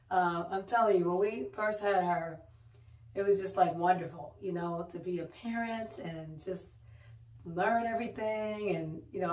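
Chatty mother vlogging in a roomy space. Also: lowish voice. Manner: chatty storytelling, exclaims "oh my God". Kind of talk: casual chatty vlog. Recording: roomy, mic a bit distant.

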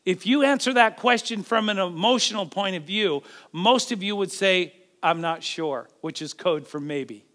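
High, bright-voiced preacher man. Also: moderate pace, few pauses. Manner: dramatic, acts out Bible voices with swings of pitch and loudness. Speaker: pastor. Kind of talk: sermon.

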